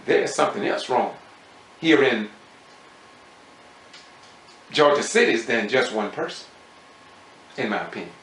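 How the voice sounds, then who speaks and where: Man, impassioned citizen commentator, bright high voice that swings widely, echoey room. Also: sing-song, unhurried, long pauses. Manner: impassioned, repetitive, preacher-like emphasis. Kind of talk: emotional commentary over meeting footage.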